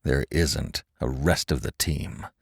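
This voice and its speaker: A man's voice: very deep voice, fairly even intonation, slow pace, creaky, husky, dry recording, clean studio sound, pitched below the performer's own voice, full character voice. A man doing a bitter captured agent. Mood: grudging. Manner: strained, bitter, grudging. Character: defiant captured American male agent.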